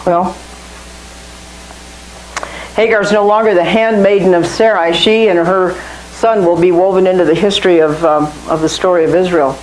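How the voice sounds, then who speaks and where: A woman's voice: fairly low pitch, fairly even intonation, normal speed, long pauses, reverberant, slight background noise, low-quality recording. A woman leading an informal Bible study, talking through scripture in a conversational way and often repeating and restarting phrases. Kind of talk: informal Bible teaching to a small group.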